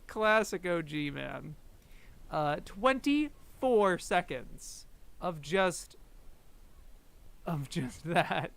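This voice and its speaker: Young male streamer, high voice with gravel, loose rambling commentary. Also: slow pace, a bit bright. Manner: rambling, laughs often, briefly mimics characters. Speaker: streamer comparing anime episodes. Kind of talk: casual commentary.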